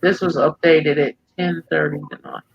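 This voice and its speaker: A man with a gravelly, somewhat high voice reads out figures to livestream viewers in a plain, matter-of-fact way. His audio sounds dry and dull, like a lo-fi microphone. There is no room echo at all. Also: normal speed. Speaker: livestream co-host. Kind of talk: reading out figures in casual chat.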